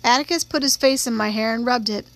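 A woman narrating a novel in a measured, steady storytelling voice. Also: a little high. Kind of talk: audiobook reading of a novel.

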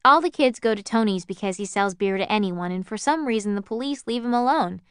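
A woman's voice: mid-range voice, lively intonation, brisk, clean tone, no room sound, clean studio sound. A woman narrating a novel in the first person, in a wry, observant tone. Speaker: audiobook narrator.

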